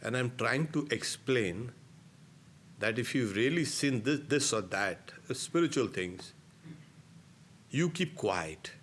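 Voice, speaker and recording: A middle-aged man, a swami giving a spiritual discourse, emphatic and given to soft laughs at his own points. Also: medium pitch, expressive, takes it slowly, pauses often, a little hiss or hum.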